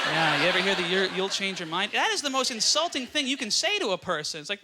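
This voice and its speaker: A man's voice: very high-pitched, big pitch swings, brisk, very noisy. A man doing a stand-up comedy set on a club stage, riffing sardonically and leaning on fillers like "you know". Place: comedy club stage before a live audience. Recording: live room with loud audience laughter.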